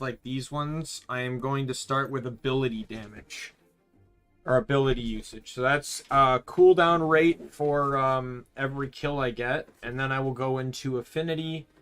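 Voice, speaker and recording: A man's voice: medium pitch, steady tone, moderate pace, a bit bright, clean tone. A man casually commenting while playing a video game, rambling and correcting himself as he goes. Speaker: streamer.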